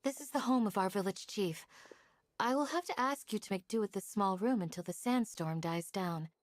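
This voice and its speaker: Woman playing a calm polite game village guardian, formal and steady, mid pitch. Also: moderate pace, dry recording, lightly acted. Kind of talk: video game voice acting.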